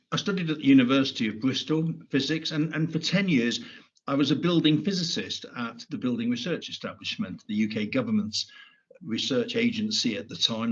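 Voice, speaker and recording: Low, husky man giving a measured keynote. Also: dull audio. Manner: measured, with frequent restarts and repeated words. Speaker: conference keynote speaker. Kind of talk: prepared keynote talk.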